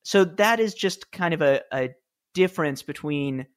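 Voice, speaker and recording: Casting note: man, thirties, earnest storyteller, slightly higher voice, interview guest. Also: animated, measured pace. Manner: earnest, storytelling, frequent restarts. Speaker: former presidential speechwriter, author. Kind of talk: casual interview chat.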